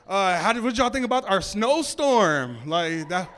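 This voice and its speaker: Performing stand-up for a live club crowd, this comedian has a high, sing-song, slightly bright voice and keeps a measured pace. He rambles loosely, restarting with stammers and tossing asides to the room.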